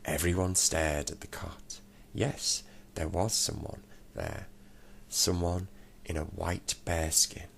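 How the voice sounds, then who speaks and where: A man reading a children's storybook aloud, steady and unhurried. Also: deep voice, creaky, a little hiss or hum.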